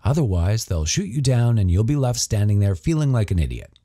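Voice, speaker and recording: A man's voice: lowish voice, sing-song, brisk, warm tone, no echo, clean studio sound. A man voicing a confident, guarded teenage boy with a wry, matter-of-fact way of talking.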